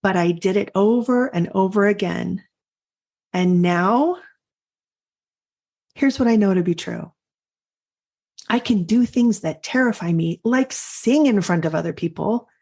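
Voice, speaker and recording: A middle-aged woman hosting a coaching podcast, telling a personal story in an earnest, reflective way with pauses and restarts. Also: mid-range voice, darkish tone. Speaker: life coach and podcast host.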